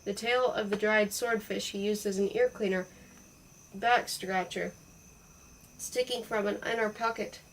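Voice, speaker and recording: A woman reading a children's storybook aloud in a playful, expressive way. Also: mid-range voice, a little slow, far from the mic, slight background noise, poor audio. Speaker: audiobook reader. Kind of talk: storybook narration.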